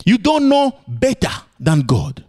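A man preaching a sermon, playful and animated, swinging between high exclamations and low emphatic lines. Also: takes it slowly.

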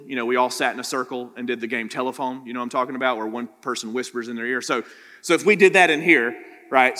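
A man's voice: mid-range voice, pushed and bright. A male pastor preaching a sermon in a conversational teaching manner, constantly checking in with "right?". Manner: conversational teaching, frequent "right?" tag questions. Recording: long hall reverb.

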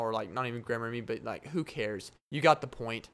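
A man's voice: mid-range voice, fairly quick, fairly bright tone. A man hosting his own podcast, rambling through a daydream story with frequent laughs. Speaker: podcast host. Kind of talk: solo podcast monologue.

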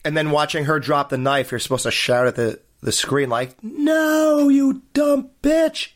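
This is a man co-hosting a casual movie podcast. His voice sits at an ordinary middle pitch. He walks through scenes in detail and poses pointed questions about them. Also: steady tone, brisk, a bit bright. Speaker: podcast co-host. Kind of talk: casual film review chat.

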